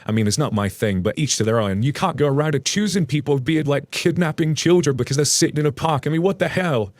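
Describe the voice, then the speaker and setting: A man's voice: on the high side, lively intonation, fast, dry recording. A man casually narrating online stories, chatting directly to his listeners. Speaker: story narrator.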